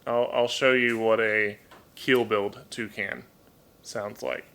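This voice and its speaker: A man's voice: lowish voice, fairly even intonation, slow pace, gravelly, a bit bright. A man chatting casually on a live stream from his home at a desk microphone, talking about his birds, often repeating words as he thinks. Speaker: livestream host and toucan keeper. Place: home room.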